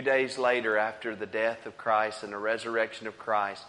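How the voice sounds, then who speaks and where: A man preaching a sermon, dramatic and repetitive, swinging between loud and hushed. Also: fairly low pitch, fairly even intonation, normal speed, long reverb tail.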